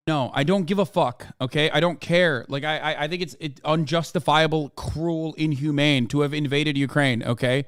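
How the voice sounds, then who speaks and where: A man streaming, reacting to a video with a profane, sarcastic, animated rant. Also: on the high side, normal speed, hardly any pauses, clean tone.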